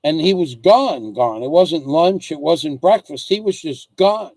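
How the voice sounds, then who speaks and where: A man's voice: a little high, lively intonation, a little slow, darkish tone, no echo. Rambling middle-aged man with a dry voice. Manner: rambling, repeats himself while telling stories. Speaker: host reading viewer comments. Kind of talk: casual storytelling chat.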